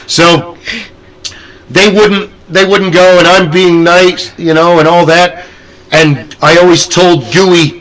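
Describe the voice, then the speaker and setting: Bright-voiced man telling haunt stories. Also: sits high, slow, low-quality recording. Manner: animated, acts out scenes with sudden loud character voices. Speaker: podcast host, haunted house actor. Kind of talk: casual storytelling chat.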